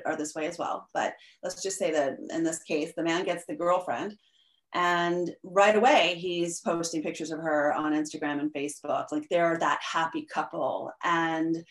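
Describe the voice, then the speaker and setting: A woman speaks as an interview guest, in a slightly low voice. She explains at length in an animated way, with many fillers and restarts. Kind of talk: conversational interview.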